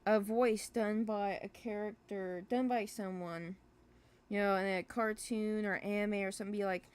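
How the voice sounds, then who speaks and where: A woman chats casually on her own livestream about the comic she makes, thinking out loud. She rambles and hesitates, restarts her sentences and apologizes for herself, in a voice of middling pitch for a woman. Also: steady tone, moderate pace, clean tone. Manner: self-deprecating, apologetic. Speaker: webcomic creator streaming live.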